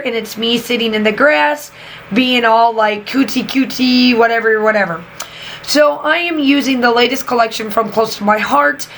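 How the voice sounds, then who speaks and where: A woman's voice: a little high, a bit bright, a little hiss or hum, rough recording. Chatty woman crafting. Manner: chatty, enthusiastic, many fillers. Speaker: craft YouTuber and teacher. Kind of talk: casual crafting vlog voice-over.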